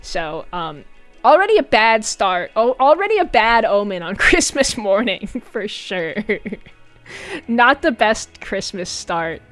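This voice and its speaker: A young woman streaming from home, telling a story to her viewers in a casual, animated way, laughing often and breaking into high squeals. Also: slow, soft background music. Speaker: VTuber streamer.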